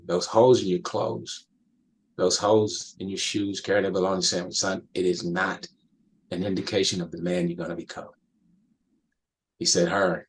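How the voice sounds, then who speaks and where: An older man, a podcast guest, telling an emotional story from his youth with emphatic restarts. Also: deep voice. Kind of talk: storytelling in an interview.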